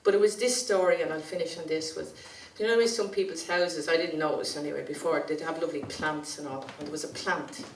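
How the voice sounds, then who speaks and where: A woman's voice: deep voice, fairly even intonation, a little fast, few pauses. A woman with an Irish accent, a community activist giving a chatty, anecdotal storytelling speech at a conference. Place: conference hall. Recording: roomy sound from a distant mic.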